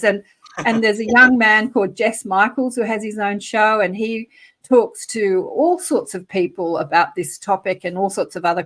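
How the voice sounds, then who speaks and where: A woman's voice: mid-range voice, a bit bright. Bubbly Australian woman guest. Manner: bubbly, chatty, laughs often. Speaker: podcast guest. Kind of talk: casual chat.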